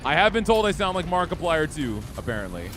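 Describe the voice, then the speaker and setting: A man's voice: a little high, sing-song, fast talker, background noise. A young man streaming a game, chatting casually and easygoing with his viewers. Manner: easygoing, chatty, talks to chat. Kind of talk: casual gameplay chat.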